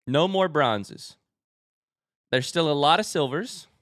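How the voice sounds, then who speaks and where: A young man live-streaming as he opens card packs and chats with viewers, turning excitable and hyping each reveal. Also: slow, no room sound, studio quality. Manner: excitable, bursts into high shouts; hype commentary.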